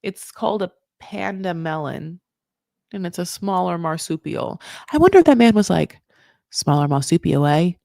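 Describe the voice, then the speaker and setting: A woman hosting a casual recap show, talking in an animated, gossipy way with sudden jumps in pitch and loudness, dropping "honey" and "like" all the time. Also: normal speed, creaky, no room sound, studio quality. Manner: says "honey" and "like" often. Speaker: podcast host recapping a reality show. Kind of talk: casual commentary.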